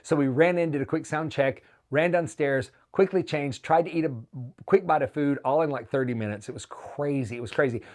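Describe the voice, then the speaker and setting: A man telling a travel story in a casual vlog, in an animated, excitable way. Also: a little high, brisk. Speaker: touring singer recounting a trip.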